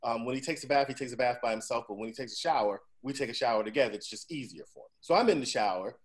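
A man's voice: medium pitch, rapid-fire. 40s guy hosting a podcast, swears a lot, chatty storyteller. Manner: profane, storytelling, frequent "right?". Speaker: podcast host. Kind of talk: casual chat.

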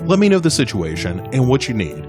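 A man's voice: mid-range voice, huge pitch swings, brisk. A man reading a scripted charity promo for a podcast network in a friendly, conversational way. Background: music.

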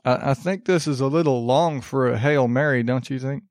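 A man's voice: medium pitch, moderate pace, no echo, studio quality, natural voice. A man voicing a clueless male church printer with a put-on American Southern drawl. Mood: puzzled.

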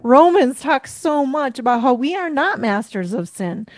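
A woman's voice: sits high, very animated, moderate pace, no echo. A woman hosting a Christian parenting podcast, talking reflectively and steering the discussion. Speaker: podcast host.

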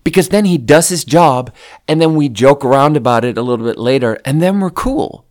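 A man's voice: medium pitch, lively intonation, brisk, darkish tone. A man from Sweden co-hosting a podcast, talking candidly in a rambling, casual way and swearing freely. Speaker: podcast co-host. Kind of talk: casual reflective chat.

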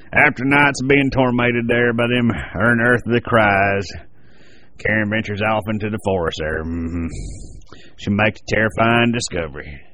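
A man's voice: on the low side, fairly bright tone, lightly acted. A man putting on a folksy rural storyteller, narrating like a movie trailer with a homespun drawl and asides.

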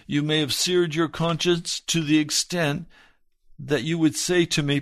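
A man preaching a sermon as pastor, reading aloud and speaking in an earnest, measured way that drops soft and low for emphasis. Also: level tone, no echo, studio quality.

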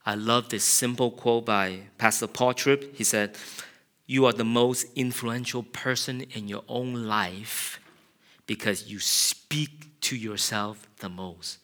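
A man's voice: medium pitch, fairly even intonation, slow pace. A man preaching an earnest, confessional sermon. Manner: earnest, confessional, builds to loud passionate shouting. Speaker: pastor.

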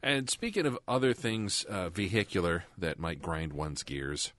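A man's voice: sits low, unhurried, fairly bright tone, dry recording. A man co-hosting a casual car podcast, talking in a rambling, chatty way and laughing often. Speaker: podcast co-host.

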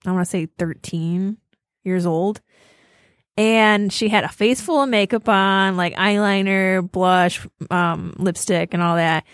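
A woman's voice: mid-range voice, steady tone, unhurried, dry recording. Podcast co-host, female, giggly gossip storyteller, dry close mic. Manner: giggly storyteller, acts out quotes. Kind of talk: casual chat.

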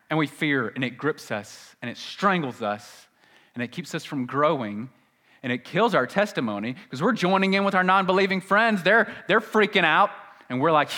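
A man preaching a sermon, moving between quiet, intense lows and urgent, rising pleas. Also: animated, normal speed. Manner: dynamic preaching, drops to soft intense lows and rises to urgent pleading. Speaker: pastor.

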